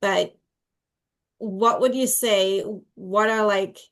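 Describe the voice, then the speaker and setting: A woman co-hosting a podcast, speaking in a relaxed, reflective way about her own experience. She thinks aloud as she goes, with casual fillers, and her pitch sits in an ordinary middle range. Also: slow.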